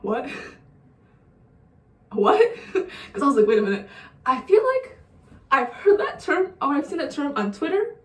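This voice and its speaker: A woman's voice: sits high, very animated, moderate pace. A young woman vlogger telling a rambling, profane story in a casual storytime way. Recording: roomy sound, distant mic.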